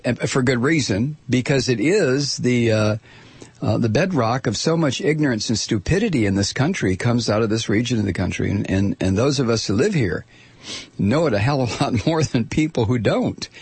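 A man's voice: fairly low pitch, creaky, husky, no echo. An older man hosting a talk radio show, rambling through his monologue with many restarts and repeated words. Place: radio studio.

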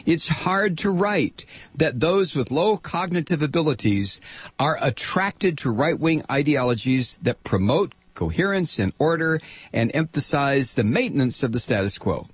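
An older man holds forth on talk radio in a combative, sarcastic monologue. His husky voice swings widely in pitch, and the studio sound is close and dry. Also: animated, a little slow, no room sound. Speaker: radio talk show host.

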